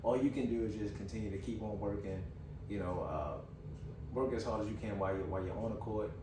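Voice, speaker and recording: A man hosting a casual talk show, speaking in an animated, emphatic, slangy way. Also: lowish voice, fast. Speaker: podcast host. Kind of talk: casual chat. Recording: echoey room, far from mic, background noise.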